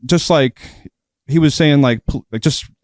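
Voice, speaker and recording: A man's voice: on the high side, unhurried, darkish tone, dry recording, studio quality. A man who is a former prison officer tells a story as a guest in a casual podcast interview. His talk is blunt and profane, full of fillers.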